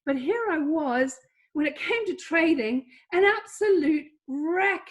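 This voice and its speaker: A middle-aged woman coaching on a webinar, telling a personal story in an animated, confessional way with bursts of emphasis. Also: high-pitched, takes it slowly. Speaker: trading coach. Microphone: webinar microphone.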